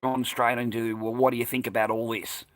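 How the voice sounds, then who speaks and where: An Australian man recounts a run-in in a loose, heated monologue full of swearing and combative asides. His voice sits at an ordinary male pitch, and the sound is dry and close with almost no room echo. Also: level tone, brisk. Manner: profane, agitated, combative storytelling. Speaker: vlogger recounting a personal incident. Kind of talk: casual monologue.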